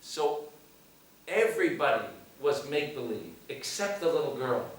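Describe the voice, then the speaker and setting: A man's voice: fairly high pitch, sing-song, normal speed. A man from the United States, a film director speaking at a screening Q&A, talking emphatically with repeated phrases and rhetorical questions. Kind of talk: post-screening Q&A talk. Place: cinema hall. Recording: echoey hall, voice from far off, faint noise.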